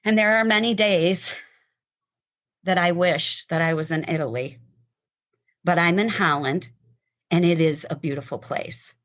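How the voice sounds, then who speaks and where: A woman's voice: fairly low pitch, measured pace, pauses often, a bit bright. A woman sharing her personal testimony and reading a poem aloud, heartfelt and emotional, sometimes stumbling over words.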